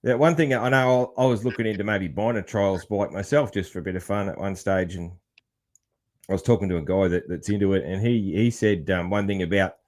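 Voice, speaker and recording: An Australian man hosting a podcast, chatting in a relaxed, rambling way with frequent laughs. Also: sits low, a little fast. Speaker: podcast host. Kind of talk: casual interview chat.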